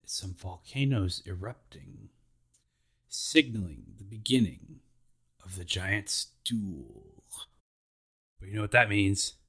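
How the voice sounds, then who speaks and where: A man's voice: deep voice, expressive, takes it slowly, vocal fry, pauses often, fairly bright tone, slightly rough. A man hosting a podcast, recapping anime episodes in a laid-back, slangy way.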